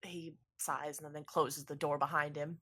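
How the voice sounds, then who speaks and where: A woman's voice: low voice, level tone, moderate pace, a bit bright, husky. A woman narrating a tabletop game as game master, in a rambling, playful way.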